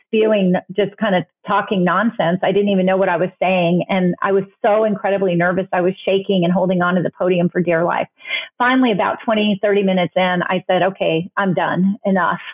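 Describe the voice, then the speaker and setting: A woman's voice: mid-range voice, steady tone, brisk. Candid woman on a phone-like line. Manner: candid, many restarts and fillers. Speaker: guest, author. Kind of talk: interview storytelling.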